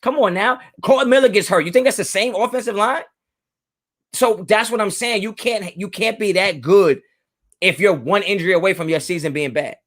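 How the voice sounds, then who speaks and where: Animated high-voiced man on a livestream. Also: normal speed. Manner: animated, emphatic, repeats his points; talks to his chat directly. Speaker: sports fan livestream host. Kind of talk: casual live-stream commentary.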